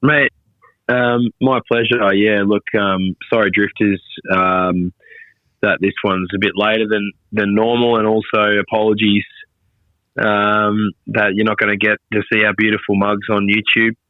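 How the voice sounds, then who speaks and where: A man's voice: fairly low pitch, flat delivery, unhurried, no room sound, phone-quality sound. A sick man co-hosting a horse racing podcast from a remote line, easygoing and hesitant with plenty of ums. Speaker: podcast co-host. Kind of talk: casual racing podcast chat.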